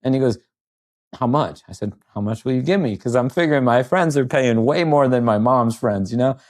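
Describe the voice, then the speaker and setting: A man's voice: medium pitch, a little fast, no echo. 50s guy on a podcast, telling old stories, acts out the quotes, dead dry sound. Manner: rambling, animated anecdotes with quoted voices. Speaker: podcast guest. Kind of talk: storytelling in casual chat.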